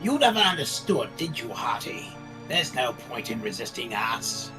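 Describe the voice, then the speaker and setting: A man voicing a slow-talking male cultist captor. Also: mid-range voice, big pitch swings, over music, lightly acted. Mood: menacing.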